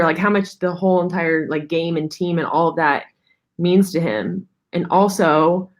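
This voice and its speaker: A young woman in her twenties talks sports as a guest, chatty and earnest, her speech full of "like." Her voice sits slightly low for a woman. She comes through a video call. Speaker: podcast guest. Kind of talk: casual sports chat.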